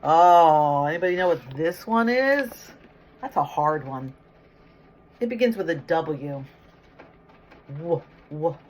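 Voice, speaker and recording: A middle-aged woman reads a picture book to little children, her low voice swinging widely up and down as she asks questions and cheers their answers. A faint hiss sits under the recording. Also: lively intonation, slow, pauses often, a little mellow. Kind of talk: read-aloud storytime with questions.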